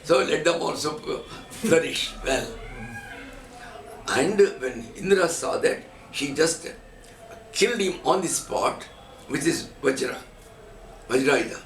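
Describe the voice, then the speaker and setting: A man's voice: a little high, expressive, slow, pauses often, a bit bright. A man giving a spiritual teaching talk as a swami, telling stories and chanting Sanskrit verses as examples. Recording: echoey room from far off, faint noise.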